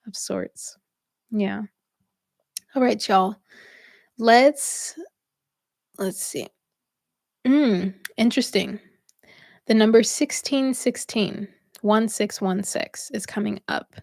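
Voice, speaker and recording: A woman's voice: medium pitch, vocal fry, dry recording, clean studio sound. A young woman hosting a spiritual reading livestream, chatting casually with viewers and laughing often.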